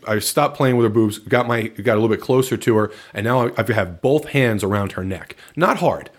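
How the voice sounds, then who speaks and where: A man recounting a personal story in frank, casual podcast chat, relaxed and matter-of-fact. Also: on the low side, fairly quick.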